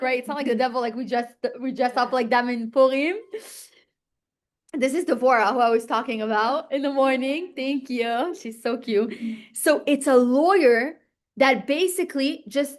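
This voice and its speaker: A woman teaching a class in a bright, chatty manner, her voice sitting a little high. She keeps checking in with her listeners, asking "okay?" and "right?", and rushes through restarts as she explains. She acts out inner voices to make her points. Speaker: teacher of a religious text class. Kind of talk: classroom lesson.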